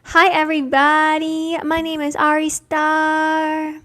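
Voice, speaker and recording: A young woman hosting a casual live stream, reading out viewers' names and talking gently and affirmingly about dreams. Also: high voice, monotone, no room sound, clean studio sound. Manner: slow, gentle, spiritual and affirming.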